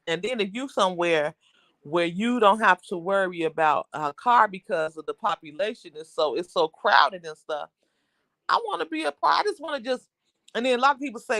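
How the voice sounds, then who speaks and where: A woman's voice: mid-range voice, expressive, moderate pace, a bit bright, dry recording, clean studio sound. A woman hosting a casual livestream, chatting with viewers in a rambling, talkative way. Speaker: livestream host.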